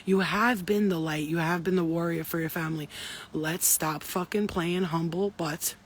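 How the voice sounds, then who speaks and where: A woman's voice: on the low side, steady tone, moderate pace, husky. A woman giving an intuitive spiritual reading to her viewers, talking in a profane, emphatic and preachy way. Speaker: spiritual reader.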